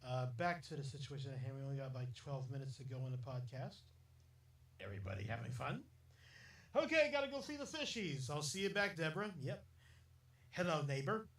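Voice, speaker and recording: A man's voice: medium pitch, expressive, brisk. A man hosting a rambling solo podcast, chatty and jokey, laughing often and drifting into silly asides while reading out local history. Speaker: podcast host. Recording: echoey room, distant mic.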